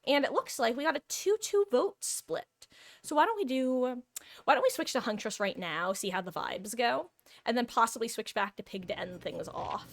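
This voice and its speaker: A woman's voice: a little high, animated, moderate pace, gravelly. A woman streaming live, chatting casually and cooing over her cat between game talk.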